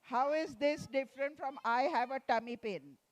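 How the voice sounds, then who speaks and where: A woman author leading a playful, interactive session with children at a festival, coaxing them with slow prompts. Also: high-pitched. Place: festival venue.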